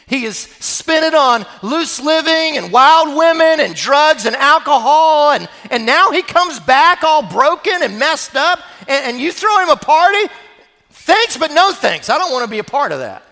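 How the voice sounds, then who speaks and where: A man's voice: extremely high pitch, very animated, a little slow, sharp tone, pitched above the performer's own voice, heavily acted. A man preaching voices a resentful older brother who complains indignantly to his father. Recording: long reverb of a church hall.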